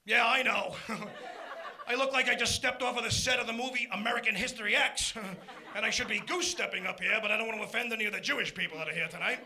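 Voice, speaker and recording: A middle-aged man doing a live stand-up routine, punchy and loud, shouting his punchlines. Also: high-pitched, quick pace. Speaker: stand-up comedian.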